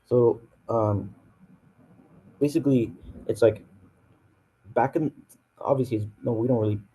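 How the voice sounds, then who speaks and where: A man's voice: medium pitch, unhurried, husky, poor audio. A man with a North American accent explaining Quranic verses in a casual classroom way, with many fillers and restarts. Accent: North American English. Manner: relaxed, full of fillers and restarts. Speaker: Quran teacher.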